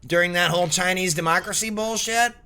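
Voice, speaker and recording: A man's voice: high-pitched, a little fast, sharp tone, clean tone. A man hosting a stream, chatting casually with jokes and swearing as he rambles about music and games. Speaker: streamer and show host.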